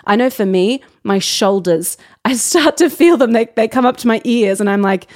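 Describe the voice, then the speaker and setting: A woman's voice: a little high, a little mellow. Chatty woman hosting a business podcast. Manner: chatty and candid, with quick asides and self-corrections. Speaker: podcast host. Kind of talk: casual solo podcast talk.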